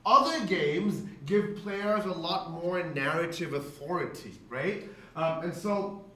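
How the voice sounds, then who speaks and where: A man's voice: fairly high pitch, slow pace, bright, forceful tone. A man giving a chatty talk to game masters, tagging lines with "right?" and acting out quotes. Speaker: presenter. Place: event space. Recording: echoey hall, voice from far off, faint room noise.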